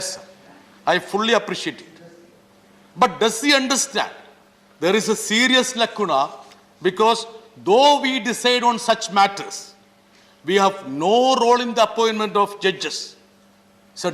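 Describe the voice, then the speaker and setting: Indian-accented male legislator, high and bright voice, emphatic parliamentary address in a reverberant chamber. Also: animated, unhurried, pauses often. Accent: Indian English. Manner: emphatic, repeatedly addressing the chair as sir. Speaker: member of parliament. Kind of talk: parliamentary speech. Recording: long reverb of a large hall.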